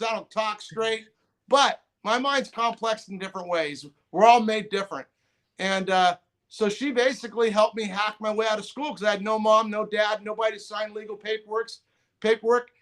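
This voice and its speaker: A middle-aged man telling a long story as a podcast guest, rambling with restarts and acting out other people's lines. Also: high-pitched. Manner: rambling, restarts, quotes others in lively voices. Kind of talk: casual storytelling.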